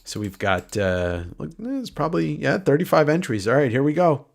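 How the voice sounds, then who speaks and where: A man's voice: a little high, sing-song, moderate pace, vocal fry. Nasal guy hosting a stream, rambly, jokey, swears sometimes, chatting to viewers. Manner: rambling, joking, swears freely. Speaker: livestream host. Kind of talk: casual livestream chat.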